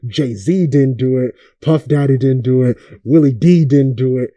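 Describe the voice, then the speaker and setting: Profane ranting young man, dark voice. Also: medium pitch, measured pace, dry recording. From Oakland area. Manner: profane, ranting, rhetorical questions. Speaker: podcast host. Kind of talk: casual podcast rant.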